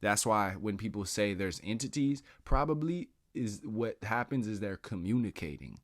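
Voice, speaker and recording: A man's voice: lowish voice, lively intonation, no echo, clean studio sound. A man in a casual philosophical monologue, rambling and slangy with lots of profanity, drawing out his words as he muses and laughing often. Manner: drawn-out, musing delivery. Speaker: podcast host.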